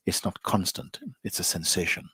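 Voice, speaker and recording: Deep, husky man giving a soft spiritual talk. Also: steady tone, normal speed, no echo, studio quality. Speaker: spiritual teacher. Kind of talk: satsang talk to a live gathering.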